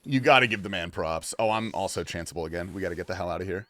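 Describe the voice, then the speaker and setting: A man's voice: deep voice, very fast. A man streaming a video game, chatting casually and swearing as he reacts to the game and his chat. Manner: loose and profane, reacting to gameplay and chat; shifts between mumbling asides and excited outbursts. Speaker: livestreamer. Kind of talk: casual gaming livestream chat.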